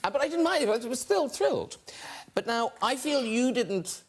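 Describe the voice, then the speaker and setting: A man's voice: very high voice, animated, moderate pace, slightly rough. A man hosting a talk show, chatty and teasing, laughing often. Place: television studio with live audience. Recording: studio audience and noise behind.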